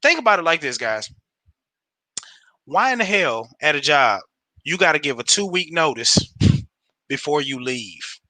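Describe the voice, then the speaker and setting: A man with a high, bright voice talks straight to his livestream viewers in a loose, slangy pep talk. He is animated, laughs often, and sounds dry and close, with no room echo. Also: a little slow, pauses often. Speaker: home business promoter on a livestream.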